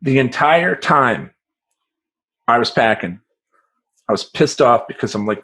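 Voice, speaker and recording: A man who works as a life coach, telling a personal story in a profane, rambling, animated way. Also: mid-range voice, moderate pace, long pauses, breathy edge, poor audio.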